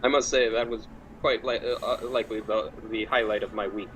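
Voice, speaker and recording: A man plays a priest in a tabletop role-playing session. His voice is low and his speech halting, with light background noise under the recording. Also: steady tone, a bit bright, rough recording. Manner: halting, with frequent fillers and restarts. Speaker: player.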